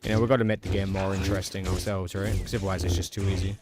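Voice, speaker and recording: A man live-streaming a video game, chatting casually with viewers and reacting out loud as he plays, talking quickly. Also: sits low, over loud music. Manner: talks quickly in a relaxed, chatty way.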